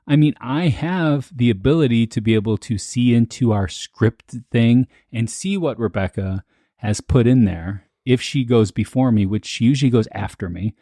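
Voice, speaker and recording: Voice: mid-range voice, moderate pace, warm tone, no room sound, clean studio sound. A podcast co-host chatting casually, cracking jokes and chiming in playfully. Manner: joking, playful interjections. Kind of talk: casual chat.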